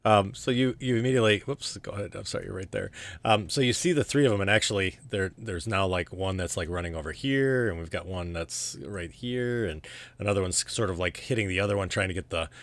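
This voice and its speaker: A man narrating as game master in a loose, chatty way, laughing often and dropping into quick character voices. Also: sits low, a bit bright.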